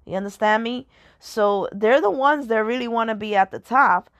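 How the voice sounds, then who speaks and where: A woman's voice: a little high, moderate pace, fairly bright tone, no room sound. Emphatic woman ranting, dry close sound. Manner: emphatic, repetitive, keeps asking if listeners understand. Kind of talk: casual monologue to camera.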